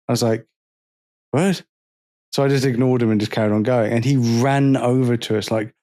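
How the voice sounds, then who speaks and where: A man co-hosting a podcast, chatting casually and telling lively stories, acting out the people he quotes. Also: mid-range voice, fairly quick. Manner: animated storytelling, acts out quoted people. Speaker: podcast co-host. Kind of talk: casual chat.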